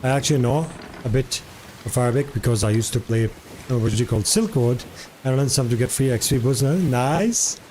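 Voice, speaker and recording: A man's voice: medium pitch, moderate pace, a little mellow, a little hiss or hum. A man streaming live in casual chat, curious and talkative, repeating foreign words aloud to practice them.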